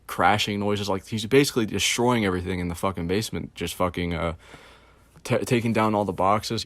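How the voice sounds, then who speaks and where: A man's voice: low-pitched, no room sound. A man, the host of his channel, telling a story in a casual, rambling way, full of swearing and fillers. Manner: rambling and profane, heavy fillers.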